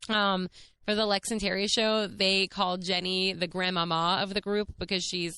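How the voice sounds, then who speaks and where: A woman in her thirties hosting a podcast, telling a story in a chatty, animated way, laughing often and swearing casually. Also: medium pitch, normal speed, clear, resonant tone. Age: 30s. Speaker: podcast host.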